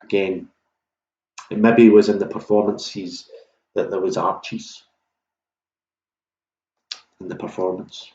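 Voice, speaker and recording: A man's voice: low-pitched, fairly even intonation, slow pace, long pauses, darkish tone. A man hosting an online pub quiz in a casual, jokey way, swearing freely as he reads out questions. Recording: roomy, dull lo-fi room sound.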